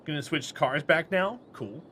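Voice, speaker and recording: A talkative man streams a game while chatting with his viewers. His voice sits high and swoops animatedly, with a bright, forceful edge. He is friendly and answers his chat by name between laughs. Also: lively intonation, measured pace, slight background noise.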